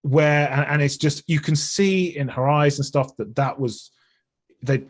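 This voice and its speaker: A man's voice: on the high side, a little slow. A man with an English accent, a comedian and streamer talking as a guest on a podcast, earnest and chatty, often restarting his sentences. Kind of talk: casual conversational interview.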